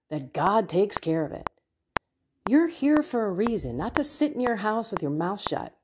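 A woman's voice: mid-range voice, very animated, moderate pace, background noise. A middle-aged woman giving an impassioned spiritual talk and prayer, fervent and emotional, sometimes dropping to a whisper. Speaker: faith coach and speaker.

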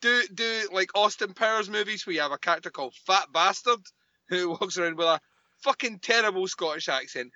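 A man with a very bright voice and a lively, swooping pitch rants and swears through a casual podcast chat. His voice sounds dry and a bit dull, as if recorded on a lo-fi mic. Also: a little fast, no echo. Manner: ranting, swears a lot, laughs often. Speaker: podcast co-host. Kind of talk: casual crude banter.

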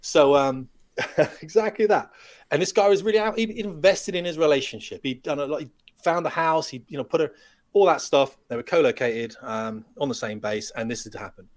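A middle-aged man, a retired pilot, telling lively anecdotes as a podcast guest and acting out the dialogue. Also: a little high, brisk. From United Kingdom. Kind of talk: storytelling in a podcast interview.

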